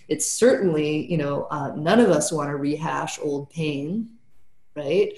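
A woman's voice: low voice, normal speed, vocal fry, a little mellow, roomy sound. A woman therapist telling a client story in casual podcast talk, tagging nearly every sentence with "right?" and "you know".

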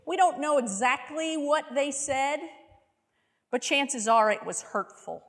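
A woman delivers a sermon at a slow, deliberate pace. Her voice sits a little higher than most. She paints scenes vividly and keeps asking her listeners rhetorical questions, and a long reverb trails behind her words as if she is in a big hall. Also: a bit bright. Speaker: preacher.

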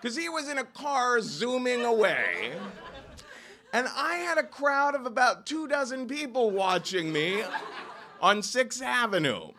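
A man from Ohio telling a story live in a small lounge, acting out the people he quotes with sudden jumps in pitch. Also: a little slow, noisy background. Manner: animated, acts out quoted voices with sharp jumps in pitch.

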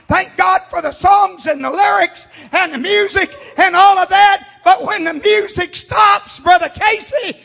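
A man preaching a fervent sermon, swinging from hushed talk to shouting. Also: extremely high pitch, unhurried, vocal fry, hardly any pauses. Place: church sanctuary. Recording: long church reverb.

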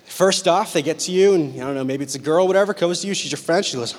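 This is a youth pastor's storytelling sermon to teenagers, delivered at a quick pace in a fairly high male voice. Playful and lively, he performs each quotation for comic effect while his words reverberate at length through the big hall.

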